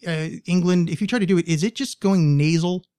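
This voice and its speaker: An American man with a faint East Coast lilt hosts a podcast, his voice sitting a little high for a man. He chats casually and asks curious questions that wander as he thinks aloud. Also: brisk, a little mellow, smooth. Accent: American, slight East Coast. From United States. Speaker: podcast host. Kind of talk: casual chat.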